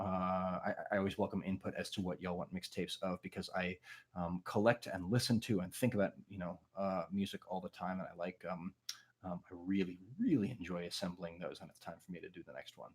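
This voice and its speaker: Between songs, a lowish-voiced musician chats casually with his livestream audience, rambling and poking fun at himself with lots of fillers.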